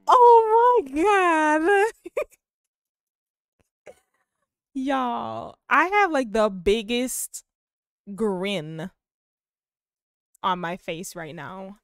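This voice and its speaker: Excitable young woman host, gushes and squeals. Smooth voice, dry close mic. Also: mid-range voice, dry recording. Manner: excitable, gushing, squeals with delight. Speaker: gaming video host. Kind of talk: casual gameplay commentary.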